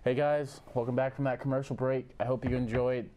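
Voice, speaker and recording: A man's voice: mid-range voice, level tone, fairly quick, music in the background. A young man co-hosting a casual student podcast in a laid-back, joking way. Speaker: co-host.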